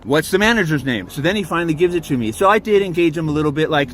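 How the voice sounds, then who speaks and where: A man recounting a run-in with security and deputies, talking in a heated, profane way and stringing quick clauses together. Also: on the high side, animated, soft background music. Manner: heated, profane, rapid storytelling. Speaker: RV park guest filming his own encounter. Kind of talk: agitated recounting and confrontation.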